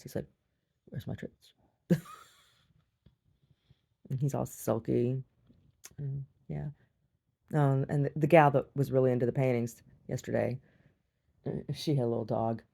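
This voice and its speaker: A woman's voice: very deep voice, steady tone, normal speed, creaky, warm tone. A middle-aged woman, a gallery owner, chatting in a meandering, giggly way in a casual monologue.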